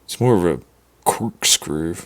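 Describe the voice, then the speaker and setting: A man's voice: low voice, expressive, measured pace, fairly bright tone. A man streaming live, thinking aloud in a rambling, profane monologue and correcting himself as he goes.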